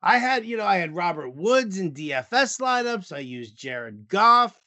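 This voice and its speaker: A man's voice: sits high, sing-song, moderate pace, pushed and bright, no room sound. A man co-hosting a casual sports talk show, swearing and exasperated, often restarting his sentences. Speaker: sports podcast co-host.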